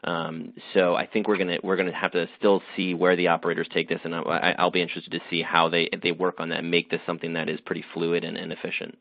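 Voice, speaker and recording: A man with a very low voice answers interview questions in a loose, thoughtful way. He pauses often on ums and restarts his sentences. The sound is dry and a little muffled. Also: flat delivery, dry recording. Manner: thoughtful, frequent fillers and restarts. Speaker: magazine editor, interview guest.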